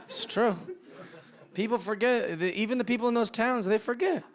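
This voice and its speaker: A male stand-up comedian doing a brash, profane set, slipping into quick character voices. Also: high voice, background noise. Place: comedy club stage with live audience. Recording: live club set with loud crowd laughter. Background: audience laughing.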